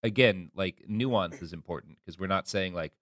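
A man co-hosting a casual podcast chat, measured and explanatory, repeating words as he thinks. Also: deep voice, fairly bright tone, dry recording, studio quality. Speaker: podcast co-host.

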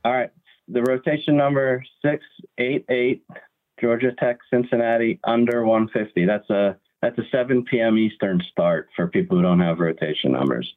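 A man giving a betting pick as a guest, calm and matter-of-fact, calling in by phone. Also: medium pitch, normal speed. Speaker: guest handicapper. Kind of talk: call-in sports picks. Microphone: phone line. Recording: dry, tinny phone line.

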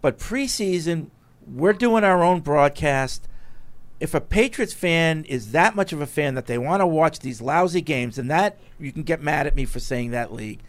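A man's voice: fairly high pitch, expressive, moderate pace. A man co-hosting a sports podcast, talking casually and launching into emphatic, pleading rants. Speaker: podcast co-host.

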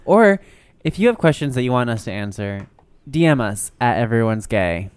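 A man's voice: mid-range voice, big pitch swings, normal speed, clean tone. A young man co-hosting a podcast, speaking playfully and casually. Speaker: podcast co-host. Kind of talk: casual chat.

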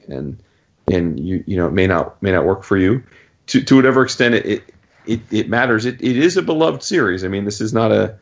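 A man retells a story in loose, casual chat, swearing freely and staying animated throughout. His voice sits on the low side. The sound is dull and lo-fi. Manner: animated, acts out characters' lines in jumping voices, profane. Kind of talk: casual chat recapping a comic.

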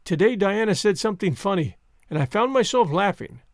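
An earnest orphan girl pours out her grief in a high, heartfelt voice, read by a man. She pleads openly and softly. The sound is dry and close. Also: lively intonation, brisk, no room sound. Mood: wistful.

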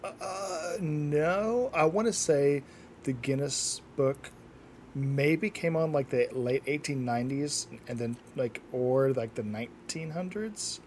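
Excited guy cohost, says "like" a ton, slight noise in the back. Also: on the high side, takes it slowly. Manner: enthusiastic, many fillers like "like". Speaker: podcast co-host. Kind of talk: casual chat.

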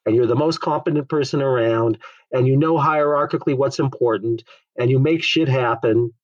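A man's voice: mid-range voice, normal speed, no room sound, muffled recording. A man who teaches the Enneagram in frank, emphatic conversation, swearing now and then.

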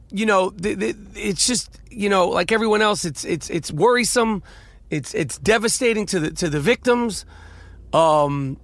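A man's voice: a little high, a bit bright, no echo. A man hosting a solo podcast from his car, rambling and profane with many restarts, his voice congested from a nasal infection. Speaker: podcast host. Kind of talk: casual solo podcast monologue.

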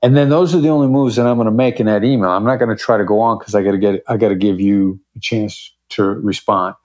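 Appearing as a podcast guest, a negotiation expert talks in a conversational interview, confident and emphatic, acting out short examples as he explains. His voice is fairly low and quick, with a steady, darkish tone.

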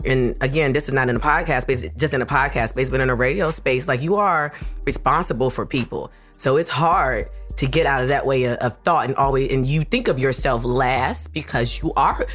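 A woman in her forties from Philadelphia, co-hosting a podcast and talking through tears, halting and restarting. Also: rumbling low, a bit bright, soft background music. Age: 40s. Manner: halting, tearful, with many restarts. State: crying. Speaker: podcast co-host. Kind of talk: emotional casual chat.

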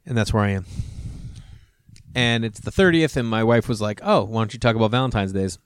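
A man's voice: fairly low pitch, fairly quick, clean tone, dry recording, studio quality. A middle-aged man hosting a podcast, telling rambling personal stories full of fillers and restarts. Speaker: podcast host. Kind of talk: casual chat with read ad.

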